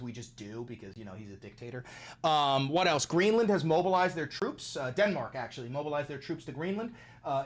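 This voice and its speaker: A man's voice: mid-range voice, a bit bright. A young man hosting a political livestream, ranting angrily with profanity and lots of repetition. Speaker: livestream host.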